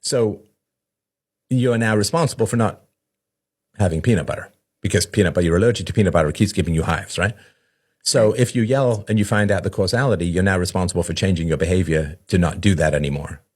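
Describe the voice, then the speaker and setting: A low-voiced man talks through an idea in a long conversational monologue, the way a podcast host would. He keeps checking in with "right?" and briefly acts out the voices of the people he quotes. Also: fast, darkish tone, breathy edge. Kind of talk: explanatory monologue.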